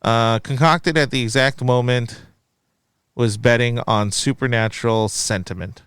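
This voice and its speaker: Speaking in a mid-range voice at a measured pace, a man in his thirties reads a critic's review aloud on the movie podcast he co-hosts, then questions it with animated, quizzical curiosity. The sound is clean, studio quality, with no room sound.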